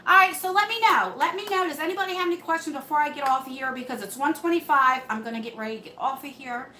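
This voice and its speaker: Woman, live-stream beauty host, chatty, bright voice, echoey home room. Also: high voice, fast, slight background noise. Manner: chatty, reads and answers comments. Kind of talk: live stream chat with viewers. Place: home room under hot lights.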